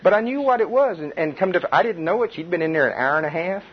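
A middle-aged pastor preaches in a husky voice, chatty and lively, often repeating himself for emphasis. The recording sounds muffled and dull, as if taken in a church meeting room. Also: male voice, high-pitched, fast. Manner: lively, conversational preaching with chuckles and repetition. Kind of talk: sermon at a Bible study.

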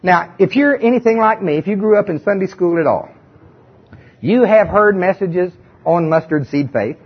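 Male preacher, high husky voice, chatty but emphatic sermon, dull lo-fi recording. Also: animated, moderate pace. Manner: conversational, emphatic, asks the audience questions.

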